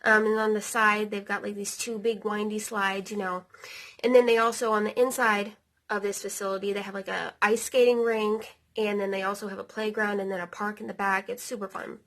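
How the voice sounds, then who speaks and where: A woman in her thirties tells a personal story straight to her audience, loose and chatty, with plenty of fillers and the odd curse. Her pitch sits in the middle for a woman. Feeling comes through as the story gets heavier. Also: little pitch movement, fairly quick, fairly bright tone. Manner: casual, lots of fillers like "like" and "um", occasional swearing; emotional, near tears. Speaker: vlogger.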